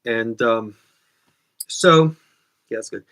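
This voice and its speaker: A man's voice: mid-range voice, slow pace, a bit bright. A man hosting his own comedy show, talking in a rambling, self-correcting monologue that keeps getting sidetracked. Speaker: host.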